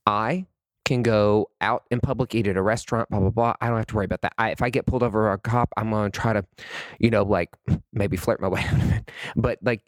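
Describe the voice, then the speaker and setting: A young man hosting a podcast delivers a heated, emphatic, sassy monologue, unscripted, impassioned, and full of swearing. His voice is on the low side with a steady tone and quick pace, recorded with no echo.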